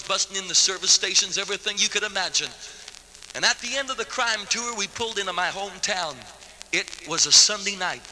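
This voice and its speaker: A man's voice: sits high, pushed and bright, slight background noise. A man evangelist giving a dramatic testimony sermon, telling his story vividly with street slang. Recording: long hall reverb.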